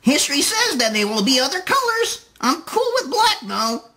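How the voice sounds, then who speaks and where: Man doing a whiny dim blogger parody, squeaky falsetto, sing-song swoops, bright tone. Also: sing-song, normal speed, exaggerated voice. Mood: whiny mocking. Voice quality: high, squeaky mocking falsetto. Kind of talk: mocking read-aloud parody.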